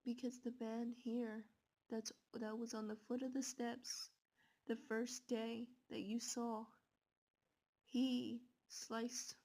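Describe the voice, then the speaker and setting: A woman voicing the ghost of a murdered man, sad at first then sinister, spoken in a slow, hushed way. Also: a little high, gravelly, full character voice.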